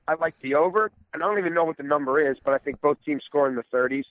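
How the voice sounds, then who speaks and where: Fast-talking man on a tinny line. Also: a little high, expressive. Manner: teasing, quick to jump in. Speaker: football analyst. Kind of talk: casual sports podcast banter.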